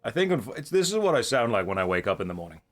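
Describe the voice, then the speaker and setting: Groggy deep-voiced streamer. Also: male voice, sing-song, rapid-fire, soft background music. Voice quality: groggy morning voice. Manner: dry, joking, self-mocking. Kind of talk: casual live-stream chat.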